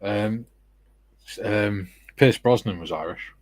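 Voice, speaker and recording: A middle-aged man hosts a relaxed hobby livestream, reading out comments with jokey asides. His voice is low and husky. The sound is close and dry. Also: slow pace, no room sound. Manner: reads out viewer comments, jokey banter. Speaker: livestream host and scale modeller. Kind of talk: casual livestream chat.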